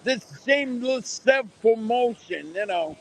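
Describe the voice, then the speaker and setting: A man dropping into the chat, talking in a slow, friendly way and repeating words. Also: very high-pitched, animated. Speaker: guest voice actor dropping in. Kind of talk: casual chat.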